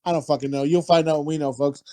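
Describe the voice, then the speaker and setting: A man's voice: on the high side, fairly even intonation, quick pace, dark tone. Crude joking man hosting a podcast. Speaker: podcast host. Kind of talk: casual chat.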